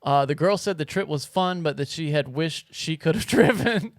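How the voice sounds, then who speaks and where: Casting note: male podcast co-host, fairly high voice, smooth tone, dry close mic, loose and profane. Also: normal speed, dry recording. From grew up on a farm. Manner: loose, swearing, reads news aloud. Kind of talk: casual chat.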